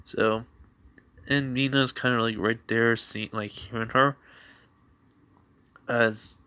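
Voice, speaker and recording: A man's voice: medium pitch, steady tone, takes it slowly, bright, forceful tone, clean tone. A man casually retelling a fan-made story, rambling along with plenty of "like" and "you know".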